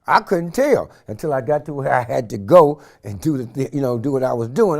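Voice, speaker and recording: A man in his sixties from San Francisco, a guest in an interview, telling stories with animated energy and acting out the voices of the people in them. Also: mid-range voice, a little fast, vocal fry, few pauses. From San Francisco, California. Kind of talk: animated storytelling. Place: studio interview set.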